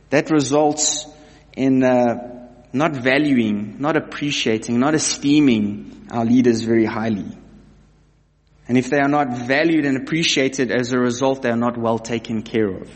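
Man preaching an earnest sermon in a hall. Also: mid-range voice. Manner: earnest, emphatic, repeats key phrases. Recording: reverberant hall.

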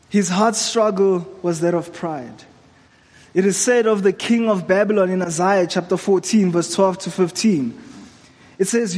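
Earnest high-voiced male preacher. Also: a little mellow, in a large hall. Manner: earnest, exhorting, measured. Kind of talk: sermon.

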